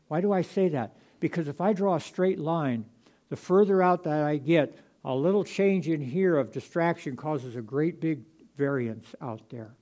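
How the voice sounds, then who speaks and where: An older man preaches a sermon from the pulpit. His voice sits slightly higher than typical for a man. He swings between loud, emphatic declarations and soft, hushed passages. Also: moderate pace. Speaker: pastor.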